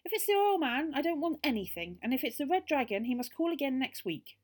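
A woman voicing Silky, a sweet young female fairy with a high, friendly voice. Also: very animated, fairly quick, husky. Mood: calling out. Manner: high, bright, friendly calling.

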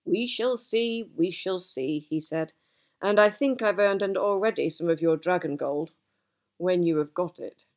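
A woman voicing an old male wizard who is gruff and easily cross, talking emphatically in a storybook reading. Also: on the low side, a little slow, darkish tone. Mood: grave. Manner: emphatic, exasperated outbursts.

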